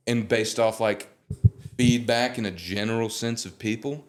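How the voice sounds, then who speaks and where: Young male guest with a low voice, an animated and joking storyteller. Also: unhurried. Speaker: guest singer. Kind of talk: casual interview chat.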